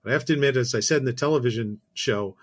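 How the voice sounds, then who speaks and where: A man's voice: mid-range voice, very fast. A man from Canada, a documentary filmmaker and guest, telling a story in a rambling, wry way and often correcting himself. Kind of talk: conversational storytelling.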